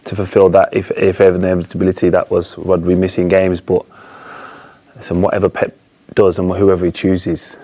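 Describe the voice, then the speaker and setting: A man chatting casually as a studio football pundit, relaxed and anecdotal with frequent fillers. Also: low-pitched, brisk.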